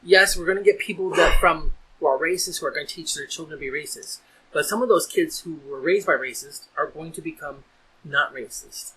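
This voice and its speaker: A man's voice: on the high side, a little fast, bright, forceful tone, breathy edge, low-quality recording. A man talking earnestly in a casual podcast discussion, restarting and repeating words as he builds his point. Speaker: podcast host.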